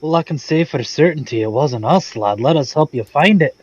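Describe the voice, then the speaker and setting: A man voicing a bluff, gruff dwarf barbarian who keeps calling people lad. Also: fairly high pitch, lively intonation, fairly quick, a little mellow, lo-fi sound, pitched above the performer's own voice. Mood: protesting.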